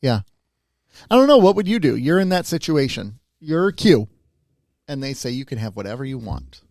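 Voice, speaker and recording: A man co-hosts a casual podcast chat, thinking out loud and tagging his points with "right?" His voice has a gravelly edge and swings widely in pitch. The sound is dry and close. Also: big pitch swings, moderate pace, no echo. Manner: musing, thinks aloud with many "right?" tags. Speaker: podcast co-host.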